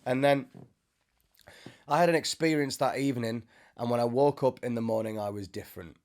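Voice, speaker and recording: A Christian speaker sits indoors before a bright camera, giving an informal spiritual teaching with joking asides. His voice is mid-range and darkish in tone, and he talks briskly.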